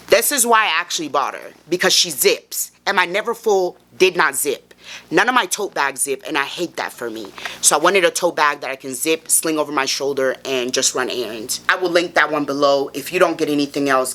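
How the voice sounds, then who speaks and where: Low-voiced chatty woman vlogger. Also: bright, forceful tone. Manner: chatty, playful, gushing, talks to viewers as y'all. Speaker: fashion vlogger. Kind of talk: casual haul review to camera.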